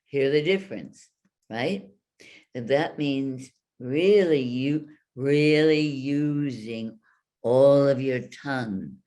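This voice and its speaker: This woman, a voice coach running an online workshop, speaks with a rumbling low voice and a dark tone. Over a video call she explains and demonstrates sounds, stretching her vocal examples out as she shows them.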